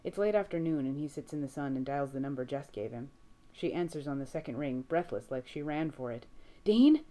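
Low-voiced woman reading fiction. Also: fairly quick, warm tone. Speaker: reader.

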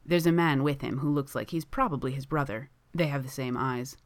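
Very low-voiced woman reading a story. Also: fairly quick, no echo. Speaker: reader. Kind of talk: reading fiction aloud.

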